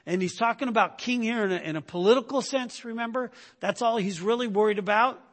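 High-voiced preacher who keeps asking "right?". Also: male voice, a little fast. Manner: acts out quoted speakers in raised voice. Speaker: pastor. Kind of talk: sermon.

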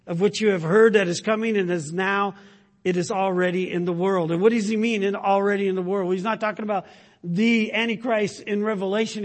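A man with a high, husky voice preaches a sermon. He moves from loud, emphatic lines down to quiet, breathy asides and slows right down to stress key words. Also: long reverb tail. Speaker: pastor.

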